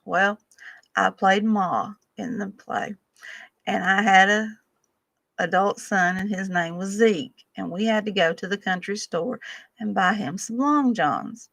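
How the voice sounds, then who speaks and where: A woman's voice: medium pitch, measured pace, vocal fry, a bit bright, no room sound. A woman telling folksy, humorous stories from her past in a casual way. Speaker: storyteller vlogger. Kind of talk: casual storytelling.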